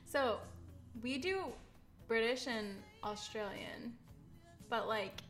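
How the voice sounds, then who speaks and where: A woman's voice: fairly high pitch, animated, slow, fairly bright tone, faint music behind. A young woman in her twenties co-hosting a podcast in casual, giggly chat. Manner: giggly, chatty, trailing off. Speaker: podcast co-host.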